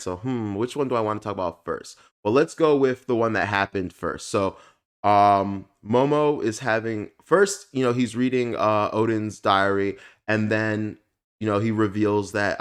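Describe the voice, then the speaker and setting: Animated man reviewing an anime chapter. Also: fairly low pitch, normal speed, smooth. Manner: animated, frequent fillers, swears when frustrated. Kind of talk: casual review commentary.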